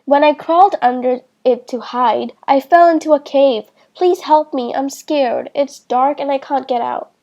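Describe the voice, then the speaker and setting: A woman's voice: high-pitched, unhurried, few pauses, warm tone, muffled recording. A woman reading as a scared, shaky young girl. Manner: shaky, pleading. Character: frightened young girl trapped in a cave.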